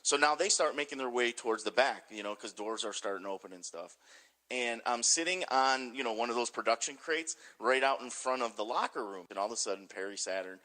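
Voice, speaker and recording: A man casually telling animated backstage stories, swearing and laughing as he goes. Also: mid-range voice, brisk. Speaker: pro wrestler telling stories. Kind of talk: casual storytelling.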